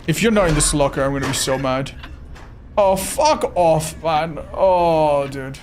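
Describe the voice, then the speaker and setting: A man's voice: fairly high pitch, unhurried. A young man streaming live gameplay commentary, swearing a lot and breaking into frustrated outbursts. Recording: noisy stream with game sound.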